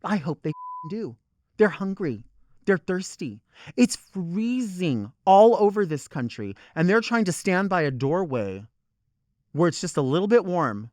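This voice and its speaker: Brief: male talk host, sassy profane rant, bright swooping delivery, dry close sound. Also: sits high, big pitch swings, normal speed, dry recording. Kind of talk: unscripted comic rant.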